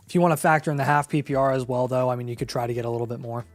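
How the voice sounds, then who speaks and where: A man's voice: mid-range voice, fairly even intonation, rapid-fire, dry recording, soft background music. A man co-hosting a live fantasy football Q&A, laid-back and advisory, now and then teasing. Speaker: podcast co-host.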